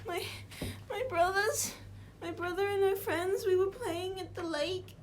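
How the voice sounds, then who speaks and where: A tiny halfling boy, scared and crying, stammers apology after apology in a very high, wavering voice, as a woman puts him on. There is a faint hiss behind him. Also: measured pace. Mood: sobbing.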